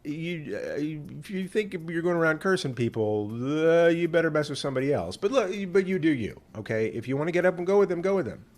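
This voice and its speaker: A casual, permissive male God who talks fast and raises his voice high, breezy and full of modern slang, as a man puts him on for a retold story. The tone is light. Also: lively intonation.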